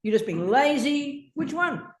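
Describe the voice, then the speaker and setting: In an echoey teaching room, an older woman who teaches Buddhism challenges a student with abrasive questions and plenty of swearing. Her voice is high and expressive, her pace a little slow.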